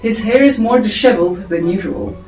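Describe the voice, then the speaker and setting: A woman reading her own story draft aloud to a family member, chatty and quick to laugh. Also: mid-range voice. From South Africa. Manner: lively, laughing, chatty asides. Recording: echoey room, far from mic, faint music.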